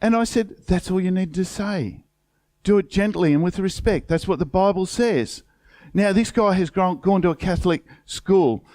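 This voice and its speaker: A man's voice: high-pitched, normal speed, mellow, no echo. A middle-aged man with an Australian accent, a pastor preaching a sermon through a chatty personal story full of colloquial slang and acted-out dialogue. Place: church.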